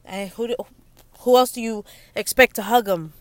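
A young woman and mother speaking in a candid personal monologue, halting and emotional, close to tears. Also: fairly high pitch, no room sound. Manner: halting, emotional, many restarts and pauses. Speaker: young mother sharing her story.

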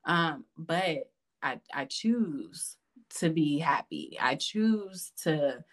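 A woman, a podcast guest, chatting casually and telling lively stories with lots of laughter. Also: low-pitched, drawn-out words. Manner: animated, laughing, calls listener "girl". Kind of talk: casual storytelling chat.

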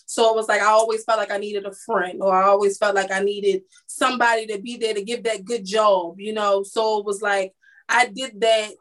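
A medium-pitched, level woman's voice moving at normal speed belongs to a makeup artist and lash business owner. Interviewed casually as a guest, she rambles and restarts, playing out the quoted dialogue as she recounts her story.

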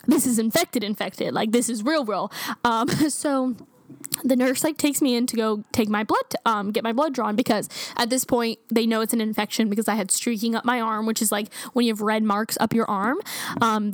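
A young woman tells a long personal story to the camera in a casual, animated way. Her voice sits a little high and she sprinkles in lots of "like" and quick laughs. The sound is dry and close, with no room around it. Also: no room sound. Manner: chatty, animated, laughing often, many "like" fillers.

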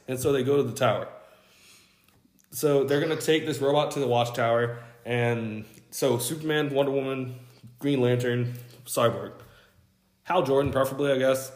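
Young man, casual rambling storyteller, mid-pitched voice, echoey room. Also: steady tone, moderate pace. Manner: rambling, quotes characters in an offhand voice, swears casually. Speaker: podcast host.

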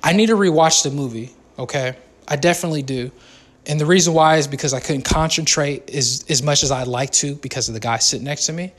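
A man giving a casual movie review on his vlog, rambling and excitable, jumping between topics and correcting himself as he goes. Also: a little high, fairly quick.

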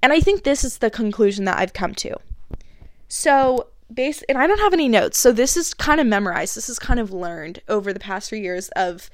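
A young woman with a congested voice, earnestly chatting through a faith podcast episode with frequent fillers and soft laughs. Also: fairly high pitch, expressive, moderate pace. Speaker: podcast host. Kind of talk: casual faith podcast monologue.

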